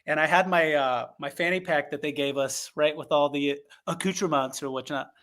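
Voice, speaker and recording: Slightly high man telling a halting story. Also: a bit bright. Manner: halting, self-mocking storyteller. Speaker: guest contestant. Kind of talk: casual chat.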